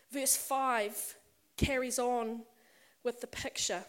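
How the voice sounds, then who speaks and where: High-voiced woman preaching a sermon. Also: a bit bright. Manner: conversational and personal, building to emphatic passages. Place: church or meeting hall with a congregation.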